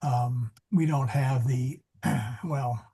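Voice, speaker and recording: Unhurried, very husky male teacher explaining grammar, wanders and self-corrects. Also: mid-range voice, mellow. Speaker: Latin teacher. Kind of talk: classroom lesson. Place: church meeting room.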